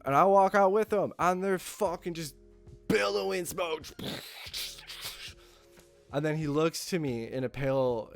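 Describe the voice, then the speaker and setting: A man hosting his channel, telling a casual anecdote with constant swearing and lively acting out of his own lines. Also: mid-range voice. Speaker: channel host.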